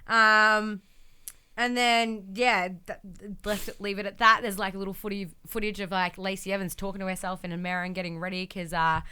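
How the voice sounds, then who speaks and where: A woman's voice: mid-range voice, little pitch movement, a little fast, pushed and bright, a little hiss or hum. A woman co-hosting a podcast, recapping wrestling episodes in a chatty way full of ums and acted-out quotes. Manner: chatty, lots of ums, acts out quotes in voices. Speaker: podcast co-host. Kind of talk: casual wrestling recap chat.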